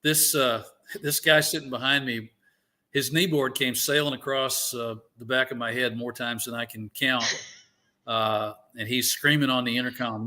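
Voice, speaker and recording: An older man from Alabama, a veteran guest telling stories slowly, with "uh" pauses in an interview. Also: mid-range voice, steady tone, pushed and bright. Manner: unhurried, drawn-out delivery with frequent "uh" pauses. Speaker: guest, veteran naval aviator. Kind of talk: relaxed storytelling interview.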